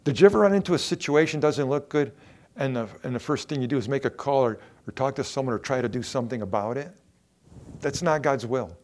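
A man preaching a Bible sermon in an earnest, steady manner. His voice sits in an ordinary middle range, and he drives points home by repeating short phrases, rising and dropping in intensity. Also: medium pitch, quick pace. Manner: earnest, repetitive emphasis, rising and falling in intensity.

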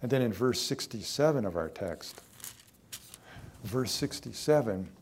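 Emphatic older preacher. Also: male voice, medium pitch, expressive, measured pace, darkish tone. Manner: emphatic, rising in volume to stress points; plain conversational preaching with direct questions to listeners. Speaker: pastor. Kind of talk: sermon.

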